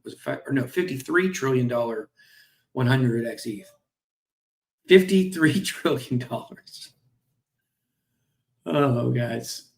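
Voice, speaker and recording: This crypto show host has a creaky, medium-pitched voice. Over his streaming mic he casually reads company news and adds jokey asides, fillers and apologies, a bit worn out and yawning.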